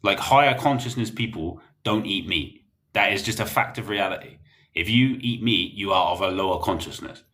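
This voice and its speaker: A man's voice: deep voice, normal speed, bright, forceful tone. A young man, chatting bluntly and rambling while reading comments on a livestream. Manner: blunt, rambling, laughs often.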